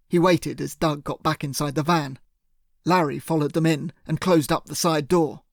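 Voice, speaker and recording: Reading an audiobook told in the first person, the narrator keeps a steady, measured delivery. His is a somewhat high, raspy, gravelly voice, captured up close in a completely dry recording without echo.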